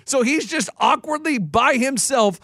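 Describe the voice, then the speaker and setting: A man co-hosting a casual podcast, telling an animated story with quick restarts and stammers. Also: extremely high pitch, no room sound. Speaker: podcast co-host. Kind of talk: casual chat.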